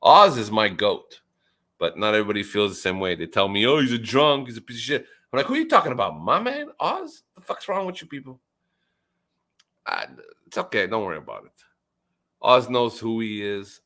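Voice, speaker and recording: A man in a casual group chat, ranting loudly with constant swearing and stammered repeats, his pitch jumping whenever he gets riled up. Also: animated, brisk. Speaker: chat participant. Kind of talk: casual profane rant.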